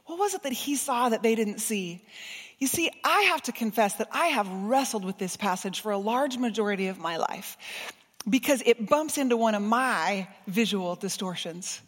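A woman preaches a sermon in a high voice, carried by the long reverb of a church hall. She is expressive, moving from soft, gentle passages to emphatic ones. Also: normal speed.

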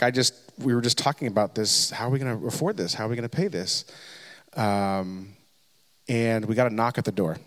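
A man, a pastor in his thirties, telling a candid, self-deprecating personal story as a sermon, with frequent restarts. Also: fairly low pitch. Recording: long hall reverb.

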